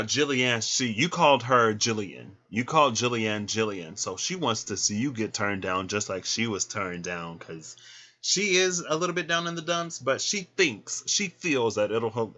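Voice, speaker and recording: A man giving a casual tarot reading, chatty and animated, who laughs often and acts out little scenes. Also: fairly low pitch. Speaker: tarot reader.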